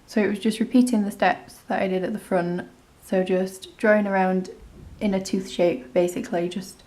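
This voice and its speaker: A woman's voice: medium pitch, fairly even intonation, moderate pace, darkish tone, reverberant. A woman talking through a makeup tutorial in a chatty, rambling, self-deprecating way. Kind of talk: casual step-by-step tutorial narration.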